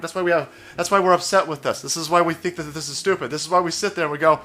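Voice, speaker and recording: Ranting on his vlog, this American comic and political commentator swears, mocks, and mimics opponents in a shrill falsetto. His bright, forceful voice holds steady at a quick clip, barely pausing.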